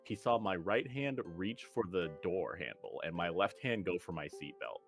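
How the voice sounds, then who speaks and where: A man's voice: deep voice, lively intonation, normal speed, vocal fry, faint music behind. A man chatting casually and narrating as game master, telling stories with a laugh. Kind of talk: casual tabletop game chat.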